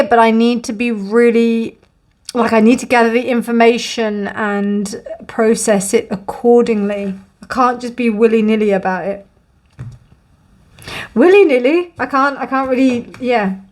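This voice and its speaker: A woman giving a pick-a-card tarot reading, chatty and rambling, calling her viewers "my darlings". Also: on the high side.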